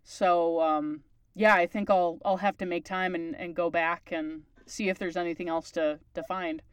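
A woman's voice: on the low side, fairly even intonation, normal speed, clear, resonant tone, no echo. A woman from Newfoundland with a townie accent, hosting a podcast and chatting at length in a casual way. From Newfoundland, Canada. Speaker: podcast host. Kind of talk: casual chat.

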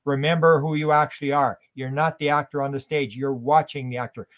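Fast-talking older man, animated storyteller. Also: on the high side. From Canada. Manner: animated storytelling, acts out quoted voices. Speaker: interview guest. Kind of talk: conversational interview.

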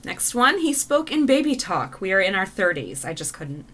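Woman reading out stories, lively pitch, bright voice, laughs a lot. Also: moderate pace, a little hiss or hum. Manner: expressive, laughs often. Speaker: co-host reading listener stories. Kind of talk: reading stories aloud with casual reactions.

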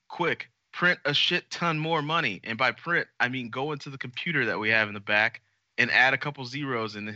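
A man co-hosting a podcast, talking in an animated, jokey way and swearing freely. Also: medium pitch, dry recording, dull audio. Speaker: podcast co-host. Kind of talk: casual podcast chat.

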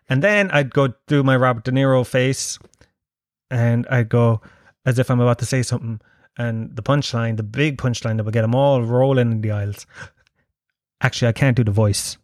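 A man's voice: mid-range voice, no echo, clean studio sound. A man, a stand-up comedian, telling a profane, self-mocking story in casual chat that builds to punchlines.

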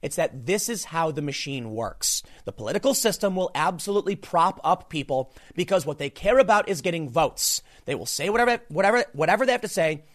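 A man's voice: a little high, animated, fairly quick, few pauses, a bit bright. A man delivering a solo political commentary monologue, emphatic and full of rhetorical questions.

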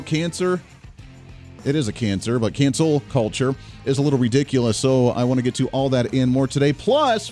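This Kansas radio host, in his thirties, chats with his listeners head-on, upbeat and opinionated throughout. He has a mid-range voice with a darkish tone. It's an energetic talk monologue recorded dry on a studio microphone, with faint music present.

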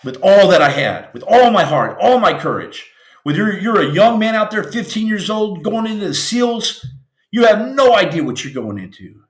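An intense male podcast host preaching about getting back up after hard times, his pitch sitting a little high and swinging widely as he pushes each point. He talks with raw feeling and a sermon-like drive. The room around him rings with a noticeable echo. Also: sing-song, normal speed. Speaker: podcast host, former Navy SEAL. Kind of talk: impassioned motivational storytelling.

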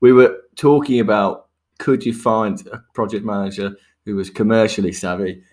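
A man's voice: fairly low pitch, fairly even intonation, moderate pace, a little mellow. A man hosting a podcast in casual chat, joking and laughing often and repeating words as he goes. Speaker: podcast host.

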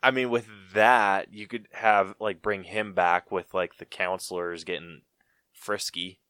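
Low, slow-talking male podcaster. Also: fairly even intonation, pushed and bright, clear, resonant tone, no room sound, studio quality. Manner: rambling, laid-back, says "like" often. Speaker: podcast co-host. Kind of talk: casual chat. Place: podcast studio.

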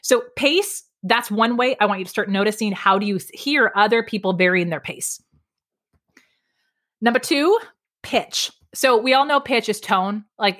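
A middle-aged woman guest on a podcast, explaining speaking tips in an energetic, emphatic way, varying her pace and pitch. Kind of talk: lively podcast interview.

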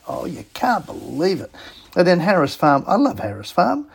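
A man's voice: sits high, huge pitch swings, moderate pace, gravelly, breathy edge. An Australian man hosting a show, talking in a chatty, folksy way and often repeating himself for emphasis. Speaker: show host. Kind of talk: casual radio-style chat.

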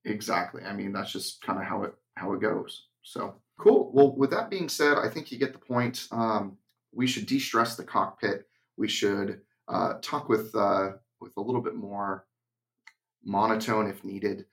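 A young adult man co-hosting an aviation podcast and sharing his view as a flight instructor, blunt and emphatic in casual chat. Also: fairly low pitch. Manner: blunt, emphatic, slips into a deliberate monotone when acting out cockpit instructions.

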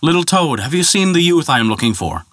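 A man's voice: a little high, big pitch swings, brisk, fairly bright tone, no room sound, clean studio sound, pitched above the performer's own voice. A man voicing a menacing, shapeshifting male dragon monster who questions creatures with suspicion. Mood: demanding. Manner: demanding, suspicious.

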